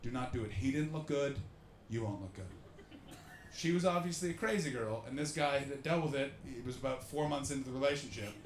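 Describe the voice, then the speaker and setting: A comedian telling jokey stories to a live audience and acting out the people in them. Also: male voice, medium pitch, fairly quick, reverberant, slight background noise. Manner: animated, jokey, acts out the people in his stories. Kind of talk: live podcast storytelling with an audience.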